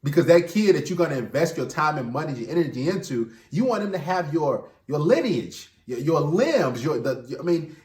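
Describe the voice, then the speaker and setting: A man's voice: fairly high pitch, very animated, fairly quick, a little mellow. A man talking straight to viewers in an emphatic casual monologue, often repeating words as he restarts. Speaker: relationship commentator and host. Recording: echoey room.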